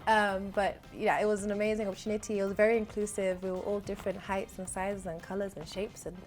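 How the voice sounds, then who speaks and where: A woman's voice: mid-range voice, little pitch movement, fast, soft background music. A young woman from Zambia, an actress and model, chatting casually as an interview guest with light humour and frequent laughs.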